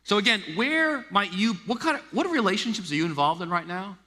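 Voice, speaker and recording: A middle-aged man from the United States preaching a sermon as a pastor, animated and stammering through restarts as he acts out quoted voices. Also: high-pitched, fairly quick. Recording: long reverb of a large hall.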